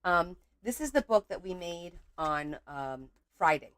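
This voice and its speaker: A woman's voice: on the low side, animated, unhurried, a bit bright, no echo. A woman hosting a casual crafting video at her home craft table, chatting loosely and breaking into exasperated outbursts. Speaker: crafting channel host.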